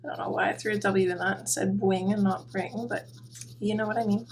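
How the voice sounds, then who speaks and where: A soft-spoken woman guiding a coloring session step by step, her voice sitting at an ordinary middle pitch. She chats casually and pokes fun at herself as she works, with a faint hiss of room noise underneath. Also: fairly even intonation, a little fast. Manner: soft-spoken, chatty, self-deprecating asides. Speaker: coloring tutorial host. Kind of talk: relaxed step-by-step coloring instruction.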